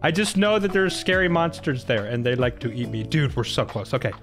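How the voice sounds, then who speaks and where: A man's voice: medium pitch, big pitch swings, a little fast, music in the background. A young man casually commenting on his own gameplay during a live stream, often laughing and exclaiming to his chat. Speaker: gaming streamer.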